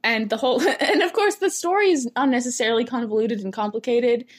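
A woman in casual conversation, recounting a story at length with an animated, rambling delivery. She laughs often as she goes, and her voice sits a little higher than most. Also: a little fast. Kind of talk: casual chat.

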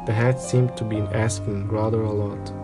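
A man calmly narrating a storybook aloud, with an even reading pace and small slips. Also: lowish voice, moderate pace, loud music behind the voice. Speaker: audiobook reader.

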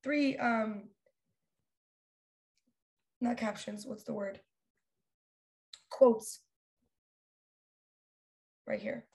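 A young woman hosting a podcast, giving casual, animated advice with many fillers and restarts. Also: fairly high pitch, very slow, pauses often. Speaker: podcast host.

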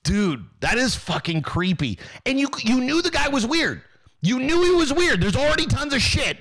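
Man, high-pitched, very animated, bright voice, profane mocking rant, commentary host. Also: moderate pace. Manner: loud, mocking, swears constantly. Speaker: political commentary streamer.

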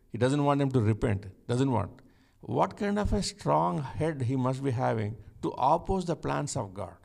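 A man with a somewhat high, gravelly voice delivers a sermon. He talks in an easy, conversational way, firing rhetorical questions at his listeners and chuckling between points. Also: darkish tone. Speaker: preacher.

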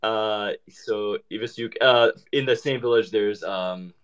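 A man's voice: on the low side, a little slow, fairly bright tone, smooth. A man talking casually in an online group chat, hesitant, with many fillers and restarts. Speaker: participant in an online audio chat.

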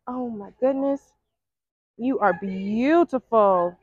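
A woman's voice: on the high side, takes it slowly, no room sound, highs cut off. A woman co-hosting a casual vlog outdoors at a petting farm, gushing and cooing over the animals. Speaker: vlog co-host. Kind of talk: casual chat.

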